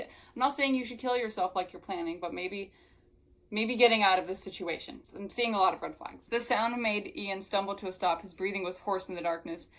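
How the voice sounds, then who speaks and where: A woman's voice: medium pitch, fairly quick, fairly bright tone, rough recording. A young woman reading a novel aloud and breaking off into sarcastic, exasperated commentary filled with "like.". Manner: sarcastic, exasperated asides full of "like". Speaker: book reviewer.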